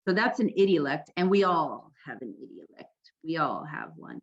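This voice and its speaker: Woman from California, low voice, casual presenter style, slightly dull lo-fi sound. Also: very animated, gravelly, slightly rough. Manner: conversational, frequent "right?" and "um", deliberately informal. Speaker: peer educator workshop presenter. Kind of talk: informal teaching talk.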